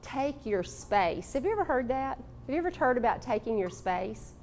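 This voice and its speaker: A woman from Texas giving a live motivational talk to an audience, animated and coaxing, calling on people in the room. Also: sits high, a little fast, slight background noise. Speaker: motivational speaker.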